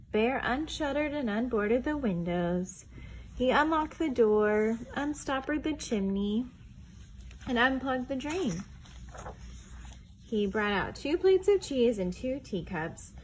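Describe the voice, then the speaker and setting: A woman reading a picture book aloud for small children, pausing now and then to ask them questions. She takes it slowly, her fairly high voice rising and falling in a lively, expressive way. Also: slight background noise. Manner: expressive, asks the young listeners questions. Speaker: children's storytime reader.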